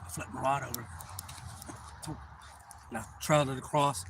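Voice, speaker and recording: A man's voice: mid-range voice, normal speed. Rambling man on a noisy live stream. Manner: rambling and profane, with many fillers; gets loud and excited when retelling action. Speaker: channel host. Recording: noisy background.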